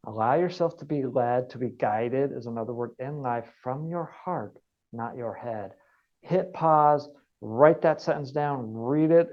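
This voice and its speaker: A man's voice: mid-range voice, darkish tone, dull audio. A man giving an online wellness training, earnest and repeating key points for emphasis. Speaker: wellness coach.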